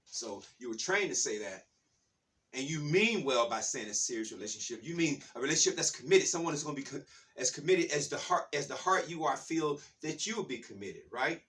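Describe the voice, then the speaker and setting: A man's voice: a little high, lively intonation, fairly quick, fairly bright tone, distant mic. A man giving a spiritual talk in a fired-up, preacher-like way, repeating his phrases. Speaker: spiritual speaker.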